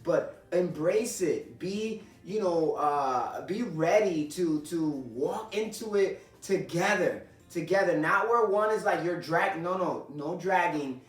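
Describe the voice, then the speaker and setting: An earnest man with a slightly high voice gives encouraging advice on faith and marriage. He is heard from a little way off the mic, in a roomy space. Soft music plays underneath. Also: lively intonation, takes it slowly, hardly any pauses, recorded from a distance. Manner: earnest, encouraging, quotes scripture. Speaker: co-host of a marriage ministry show. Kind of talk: casual faith-based chat.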